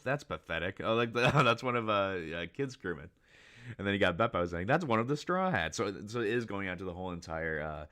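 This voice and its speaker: Deep-voiced man rambling excitedly. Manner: rambling, excitable, many fillers; reads character lines aloud with mild voice shifts. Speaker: channel host. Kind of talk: casual manga chapter reaction.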